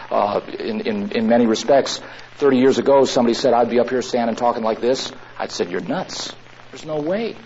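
Preaching emphatically, this man's voice runs on the low side with a darkish tone, and he repeats key lines to drive them home. Faint noise sits behind him on a dull, lo-fi recording.

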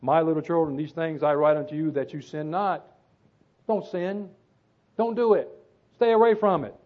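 Male preacher, high voice, emphatic scripture-reading sermon delivery, thin phone-like recording. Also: normal speed. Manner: emphatic, repeats phrases for stress. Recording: tinny phone-like sound.

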